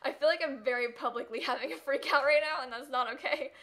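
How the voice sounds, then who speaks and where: A woman's voice: high voice, fairly bright tone. Chatty, giggly young woman streamer. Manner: chatty, giggly, quick to dramatic outbursts. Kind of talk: live gameplay commentary.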